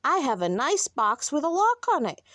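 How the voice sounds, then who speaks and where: A woman's voice: high-pitched, very animated, normal speed, dry recording, studio quality. Amelia Bedelia, a woman voicing a chirpy housekeeper. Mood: polite. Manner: bright, eager, polite. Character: cheerful literal-minded housekeeper woman. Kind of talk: storybook read-aloud.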